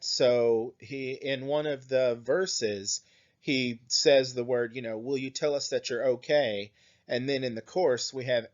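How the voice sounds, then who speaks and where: A man with a mid-range, slightly mellow voice teaches an English class in a lo-fi recorded lecture, explaining poems and song lyrics. He's slow and thinks aloud, with frequent "right?" and "um," and reads lyrics and verse aloud.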